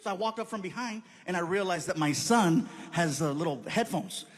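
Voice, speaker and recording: A man's voice: high-pitched, normal speed. A man performing a stand-up comedy routine, telling stories and acting out the people in them. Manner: animated storytelling with acted-out quotes. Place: large hall on stage. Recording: live venue with long reverb and noise.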